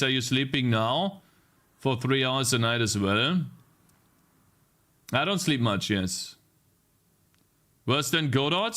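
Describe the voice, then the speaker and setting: A man talks through his work on a live stream in a casual, mid-pitched voice. He grows exasperated and rants with plenty of swearing. He reads viewers' chat messages aloud and answers them. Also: a bit bright. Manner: exasperated, ranting, swearing often. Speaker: game developer streaming live.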